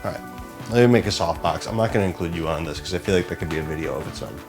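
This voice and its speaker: A young man's low voice rattles along rapid-fire over music as he mutters his way through a setup. He is a podcast co-host shooting a casual behind-the-scenes vlog in a small apartment studio, chatty and self-deprecating as he works.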